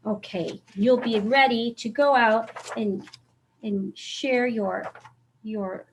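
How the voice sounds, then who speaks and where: A woman with a somewhat high voice runs a children's story time by video call, reading a picture book with animation and questioning the children. Slight background noise is audible.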